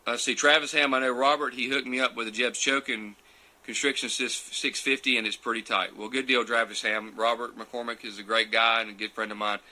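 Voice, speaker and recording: Speaking a little fast with fairly even intonation, a champion turkey caller uses a mid-range voice that sounds pushed and bright. He loosely chats through viewer questions and comments in a live Q&A and demonstration, recorded on a phone at low quality.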